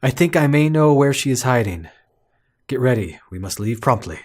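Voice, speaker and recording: A man voicing a calm, earnest German doctor from a game, reading the lines in his own plain voice without attempting the accent. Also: mid-range voice, moderate pace, pitched below the performer's own voice, lightly acted.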